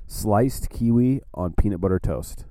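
A man chatting casually as a comedian guest, with wry, deadpan asides. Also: on the low side, unhurried, no echo. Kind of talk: casual chat. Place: Milwaukee area.

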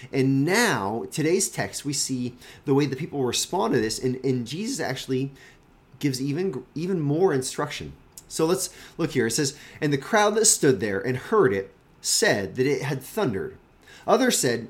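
A man's voice: mid-range voice, expressive, moderate pace. A man, a pastor, giving a daily devotional Bible teaching in an earnest, emphatic, conversational way.

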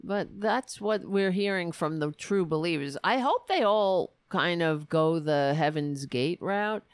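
A woman's voice: on the low side, lively intonation, unhurried, smooth, dry recording, studio quality. A woman hosting a political commentary show, ranting in a sarcastic, profane, exasperated way.

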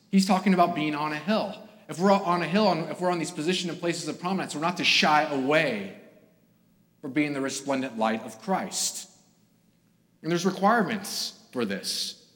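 A man's voice: on the high side, fairly bright tone. A man preaching a sermon to his congregation in an earnest way, rising to emphatic bursts. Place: church sanctuary. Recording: long hall reverb.

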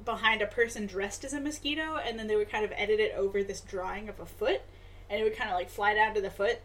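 A woman co-hosting a podcast, chatting in a wry, casual way that often trails off softly. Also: mid-range voice, fast, slight background noise. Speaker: podcast co-host. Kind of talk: casual chat.

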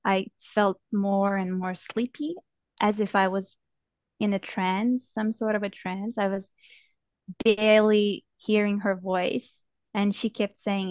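A young woman speaks as an interview guest, recalling a personal story in a gentle, reflective way and pausing now and then to find her words. Her voice comes through slightly dull and muffled, and the sound is dry, with no room echo. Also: medium pitch, fairly even intonation.

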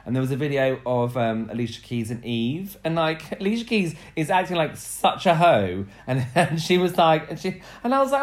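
Rambling man, lively pitch. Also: normal speed, hardly any pauses. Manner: rambling, self-correcting, bursts of laughter. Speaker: podcast co-host. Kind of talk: casual chat.

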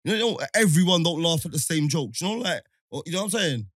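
A young man from talking slangy, teasing banter on a podcast, quick to laugh at his own jokes. His voice sits slightly high for a man. The sound is dry and close, with no room echo. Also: lively intonation, fairly bright tone, husky. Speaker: podcast co-host. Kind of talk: casual banter.

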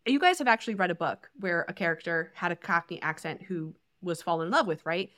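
A woman's voice: lowish voice, animated, fast talker, a bit bright. Woman podcast co-host, casual book chat, emphatic delivery.

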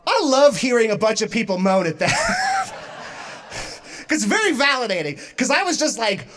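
A woman on stage doing stand-up, her voice leaping up and down as she tells a story. She laughs through her own lines and bursts into shouts for the punchlines, with a bright, high-pitched delivery. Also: wildly swooping pitch, moderate pace, long pauses. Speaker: stand-up comedian.

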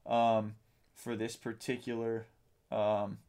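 A man's voice: on the low side, flat delivery, slow, dark tone, clean tone. A man co-hosting a podcast, talking casually in a rambling way, with lots of ums and casual swearing. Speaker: podcast co-host. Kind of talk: casual chat.

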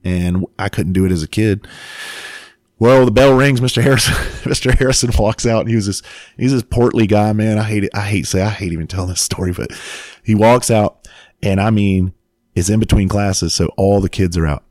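A man and father telling a story in casual chat, animated and swearing freely, laughing as he goes. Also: fairly low pitch, brisk, dry recording, studio quality.

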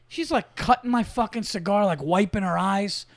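Man, podcast host, high-pitched voice, animated, swears a lot, casual chat. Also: moderate pace, hardly any pauses, no room sound. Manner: animated, profanity-laced storytelling.

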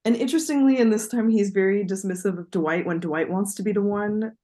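A woman's voice: medium pitch, a little fast, mellow. Chatty woman podcast co-host. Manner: chatty and digressive, laughs easily. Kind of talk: casual chat.

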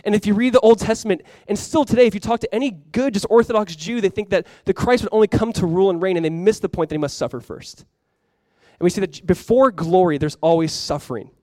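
A young male pastor preaching a sermon in a lively, conversational way, often dropping in "like" as he talks. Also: high voice, brisk, no room sound. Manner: animated, conversational preaching with frequent "like".

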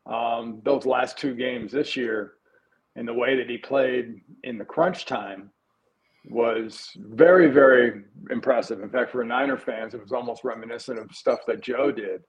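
On sports talk radio, a man in his sixties, a former player now guesting as an analyst, talks in an easygoing, halting manner and often restarts his sentences. His voice is medium-pitched, and the recording is rough.

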